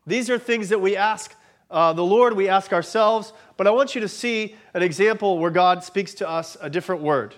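A man's voice: high voice, normal speed. A man, preaching a sermon and telling a chatty, self-deprecating personal story, a little congested from allergies. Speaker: pastor.

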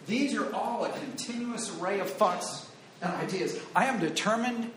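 A man's voice: high voice, normal speed, fairly bright tone, slight background noise. A man preaching a sermon to a room, teaching earnestly and quoting scripture with emphatic repetition. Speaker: pastor. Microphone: wired handheld or lapel mic. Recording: echoey room with faint ambience.

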